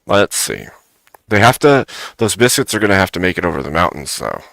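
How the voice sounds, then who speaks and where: A man's voice: sits low, big pitch swings, a little fast, vocal fry, a bit bright, no echo. A man hosting a live stream, chatting casually and joking with much laughter.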